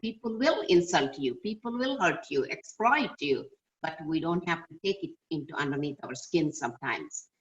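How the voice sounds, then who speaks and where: An older woman with a very low voice tells a personal story to a class, earnest and reflective. She is heard over a dull, lo-fi video call. She adds thoughtful asides as she goes. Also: a bit bright. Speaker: class participant. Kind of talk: personal anecdote in a group discussion.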